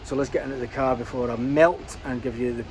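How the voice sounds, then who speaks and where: A man's voice: medium pitch, steady tone, fast, slight background noise. A man with a Scottish accent, chatting casually as a vlogger and often exclaiming in disbelief as he goes through shops and sits in a car. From Scotland. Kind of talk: casual vlog commentary.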